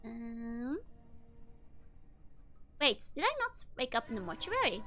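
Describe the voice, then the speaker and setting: High, lively young woman streamer. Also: slow pace, long pauses, faint music behind. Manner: giggly, reassuring herself aloud. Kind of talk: casual gameplay commentary.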